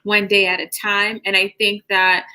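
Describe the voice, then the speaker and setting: A woman's voice: medium pitch, flat delivery, moderate pace, pushed and bright, rough recording. A woman hosting a casual live online chat, hesitant with many fillers. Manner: emotional, laughing through tears. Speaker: host.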